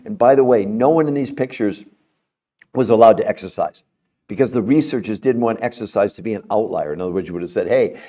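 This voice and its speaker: A man's voice: mid-range voice, highs cut off. A middle-aged man hosting a health podcast, talking straight to viewers in an emphatic, persuasive way. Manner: emphatic, rising more animated as he goes. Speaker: podcast host. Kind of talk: promotional health talk to viewers.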